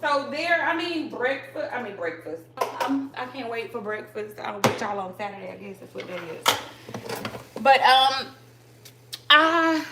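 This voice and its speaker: A woman's voice: a little high, animated, measured pace, noisy background. A woman hosting a casual live cooking stream from her home kitchen, chatting to her viewers and calling out to them constantly as she cooks. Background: clatter of pots and dishes.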